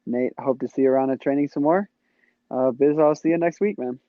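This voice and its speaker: A man's voice: medium pitch, brisk, no echo, lo-fi sound. A man appearing as a guest on a podcast, chatting in a laid-back way. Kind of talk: casual chat.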